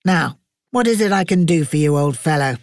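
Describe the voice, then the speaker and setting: A woman voicing a cheerful, easily distracted eccentric gentleman professor who talks with breezy enthusiasm. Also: a little high, animated, fairly quick, dry recording, clean studio sound. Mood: enthusiastic.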